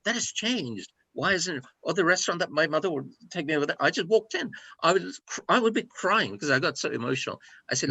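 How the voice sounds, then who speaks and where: A middle-aged man from Pakistan speaks as an interview guest with a bright, sharp edge to his voice. He talks from the heart, circling back and repeating phrases. The sound is close and dry. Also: a little high, sing-song, a little fast, breathy edge, dry recording. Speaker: guest, food and hospitality consultant. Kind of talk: personal interview conversation.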